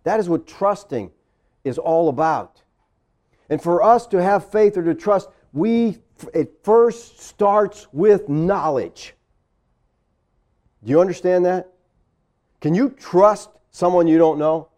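Male pastor, conversational sermon, high and lively voice, keeps asking the room "okay?", acts out the people he quotes. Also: takes it slowly, long pauses. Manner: conversational preaching with frequent "all right?" and "okay?" checks; acts out quoted voices with big pitch swings.

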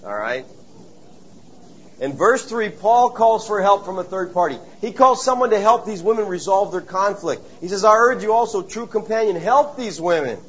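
A man preaching a sermon, telling stories and acting out voices with lively animation. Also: sits high, moderate pace, breathy edge, muffled recording. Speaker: pastor.

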